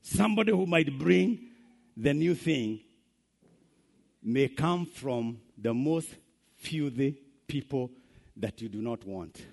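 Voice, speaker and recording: Raspy Kenyan preacher man. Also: mid-range voice, animated, slow, long pauses, darkish tone. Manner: switches between English and Swahili, emphatic. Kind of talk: sermon.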